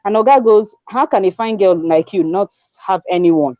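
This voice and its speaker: A woman in her twenties with a Nigerian accent, telling her story in an animated way as a guest, acting out dialogue and mixing in pidgin. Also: mid-range voice, moderate pace, no echo, narrow, tinny audio. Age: 20s. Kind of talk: conversational testimony.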